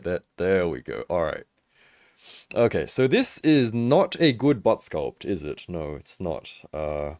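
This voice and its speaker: A young man hosting a casual livestream about action figures, chatty and expressive, swearing freely and laughing as he answers viewers. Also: fairly low pitch, no room sound, clean studio sound. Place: home in Hong Kong.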